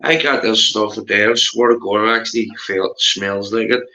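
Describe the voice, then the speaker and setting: A man's voice: lowish voice, steady tone, moderate pace, bright, forceful tone, roomy sound, poor audio. A man with a Northern Irish accent in rambling casual chat, repeating himself and calling his friend mate. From Northern Ireland.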